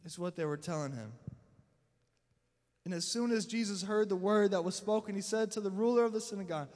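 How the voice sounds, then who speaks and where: A man's voice: high-pitched, brisk, a little mellow, in a large hall. A man preaching a sermon to his church, telling a scripture story dramatically and voicing the people in it. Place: church sanctuary.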